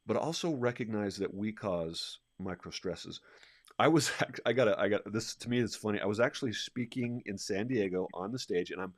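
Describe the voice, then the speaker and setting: Lowish-voiced guy coach, high energy, chatty, lots of restarts. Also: normal speed, no echo, studio quality. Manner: energetic, animated storyteller with frequent restarts. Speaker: leadership coach and co-host. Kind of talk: conversational podcast discussion.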